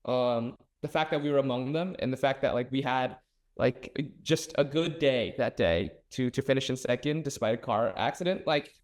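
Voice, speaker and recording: A man's voice: mid-range voice, moderate pace. Upbeat young man guest. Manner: upbeat, playful. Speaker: runner-up contestant guest. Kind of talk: casual interview chat.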